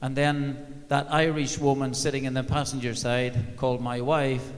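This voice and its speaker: A man's voice: medium pitch, flat delivery, normal speed, a little hiss or hum. An older man, a former football manager, telling wry, dryly funny stories on stage. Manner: anecdotal, wry, dry humour. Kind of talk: live on-stage storytelling. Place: large arena stage. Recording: long reverb of a big hall.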